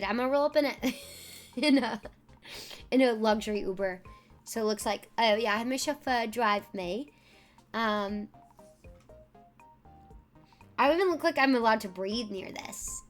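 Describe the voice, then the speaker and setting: A young woman streamer chatting and joking as she reacts live, with frequent fillers. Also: on the high side.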